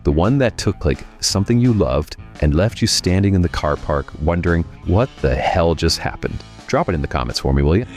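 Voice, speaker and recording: A man's voice: sits low, expressive, fairly quick, few pauses, darkish tone, soft background music. A man hosting a comedic film review show and ranking bad sequels with dry sarcasm. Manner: wry, sarcastic. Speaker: host.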